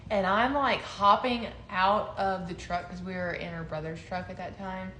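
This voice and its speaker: In a roomy, echoing recording with faint background noise, a young woman chats casually as a co-host relating her story. Her voice is medium in pitch and normal in speed. She's animated, breaks into laughter, and acts out quotes.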